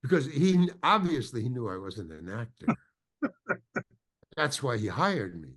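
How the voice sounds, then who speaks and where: A man's voice: mid-range voice, sing-song, unhurried, fairly bright tone, breathy edge. Older male guest, meandering anecdote, keeps restarting and acting out the dialogue. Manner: rambling, full of restarts, acts out quoted dialogue. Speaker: interview guest, actor. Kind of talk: anecdotal storytelling in an interview.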